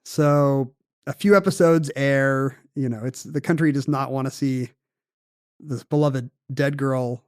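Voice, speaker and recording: A man co-hosting a podcast, telling a story in casual chat with quick asides. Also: mid-range voice, fairly even intonation, a little mellow, smooth, no echo, studio quality. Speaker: podcast co-host.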